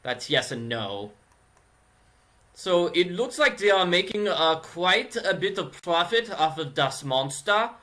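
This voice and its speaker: A man's voice: sits high, sing-song, slow, pushed and bright. A man chatting playfully and rambling as he plays and comments on a mystery game. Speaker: gaming video host. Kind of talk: casual let's-play commentary.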